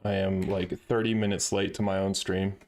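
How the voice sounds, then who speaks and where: A man's voice: low-pitched, little pitch movement, moderate pace, darkish tone. A man hosting a casual live stream, laughing often and swearing lightly while he sets things up and talks to his chat.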